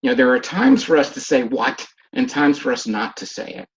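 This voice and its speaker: A man's voice: medium pitch, lively intonation, brisk. A man who works with hearing-aid patients gives an informal lecture and acts out patients and their families as he talks. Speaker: hearing specialist teaching a class. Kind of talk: informal lecture with acted examples. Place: online video session. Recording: dull muffled video-call audio.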